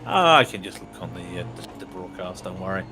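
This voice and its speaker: A man doing relaxed, conversational live sim racing commentary. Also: low-pitched, a little fast, over loud music. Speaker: race commentator.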